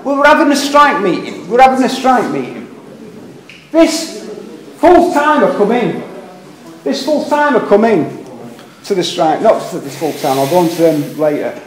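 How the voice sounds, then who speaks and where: A man's voice: high-pitched, darkish tone. An older man with a Liverpool accent giving an earnest, rambling public speech at a meeting, with self-deprecating asides. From England. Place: meeting hall. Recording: echoey meeting hall.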